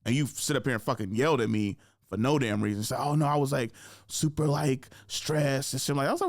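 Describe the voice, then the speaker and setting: A young man hosting a podcast, telling stories in casual chat, laughing often and doing high voices for the people he quotes. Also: fast talker, dry recording, clean studio sound. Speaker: podcast host.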